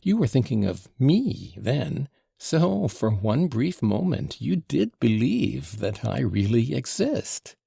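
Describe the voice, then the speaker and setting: A man voicing the devil in an audiobook, a fawning gentleman visitor who mocks in mock-polite, ingratiating tones. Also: medium pitch, very animated, takes it slowly, gravelly, few pauses, slightly rough, no echo, studio quality, heavily acted. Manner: mocking, fawning, mock-polite, with French flourishes. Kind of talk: audiobook character reading.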